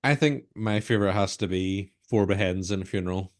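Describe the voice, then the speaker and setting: A man's voice: low-pitched, a little fast. A man with a Northern Irish accent, co-hosting a casual horror podcast chat, rambling and often murmuring agreement. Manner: rambling, lots of backchannel agreement. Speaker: podcast co-host.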